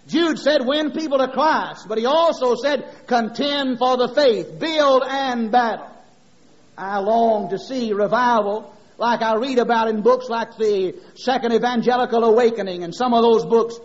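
A middle-aged man preaching a sermon, impassioned and rhythmic, mixing scripture with homespun stories. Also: very high voice. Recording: dull lo-fi sermon recording.

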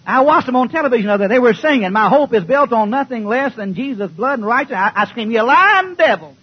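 An older man preaching a folksy, joking sermon, swinging between loud outbursts and low mutters. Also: fast talker, slightly rough, dull audio.

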